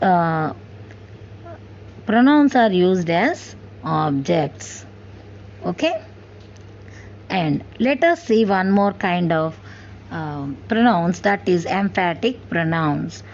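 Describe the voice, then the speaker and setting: A woman's voice: medium pitch, a little mellow. A woman teaching an English grammar lesson to children, explaining step by step and often checking that her listeners follow. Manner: slow, careful explaining with repeated check-ins. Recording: dull lo-fi sound with faint hiss.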